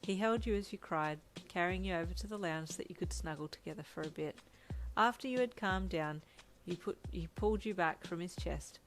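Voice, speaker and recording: A woman narrating a fan story as an audiobook, with even, unhurried storytelling. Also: fairly low pitch, poor audio. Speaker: fanfiction reader.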